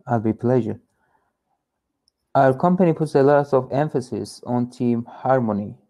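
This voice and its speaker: A man's voice: mid-range voice, warm tone. A man learning English in a one-on-one lesson, reading example sentences and searching hesitantly for words. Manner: hesitant, halting, many fillers while searching for words.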